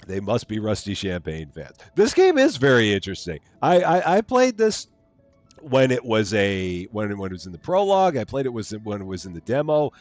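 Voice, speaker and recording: Lively low-voiced man streaming a game. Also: normal speed, soft background music. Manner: chatty, playful, jokey asides; reads on-screen game text aloud. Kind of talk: live gameplay commentary.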